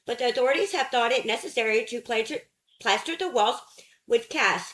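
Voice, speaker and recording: A woman narrating an audiobook, reading essay prose in a measured, steady way. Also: a little high, low-quality recording.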